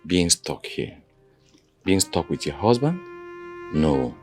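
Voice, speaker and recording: An actor with a Nigerian accent playing a jovial, boastful king who laughs loudly and teases. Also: very animated, takes it slowly, husky, faint music behind, full character voice. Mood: tender. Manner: booming laughter, expansive and teasing. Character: jovial, boastful African king, a grown man.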